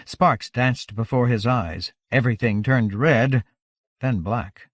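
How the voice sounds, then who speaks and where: A man's voice: mid-range voice, dry recording. Man reading a novel aloud, dry. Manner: measured, steady reading. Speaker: audiobook narrator. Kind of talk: scripted narration.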